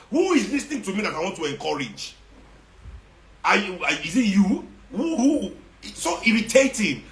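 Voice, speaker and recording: A man's voice: high-pitched, a bit bright. Fiery Nigerian man in a roomy space. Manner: confrontational, sarcastic, repeats for emphasis; mixes in Nigerian Pidgin. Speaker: activist speaking to followers. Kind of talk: impassioned monologue. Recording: roomy echo.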